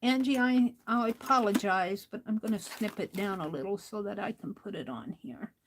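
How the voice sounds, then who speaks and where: A woman's voice: medium pitch, moderate pace, slight background noise, poor audio. An older woman hosting a crafting livestream, talking to herself as she works and chatting with viewers, laughing often. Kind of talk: casual crafting chat while reading viewer comments.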